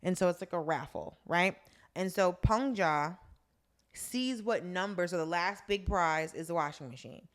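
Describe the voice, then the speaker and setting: A woman's voice: lowish voice, unhurried. A woman co-hosting a podcast, casually recapping a drama and acting out the characters' lines. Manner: animated storyteller, acts out characters' lines. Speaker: podcast co-host.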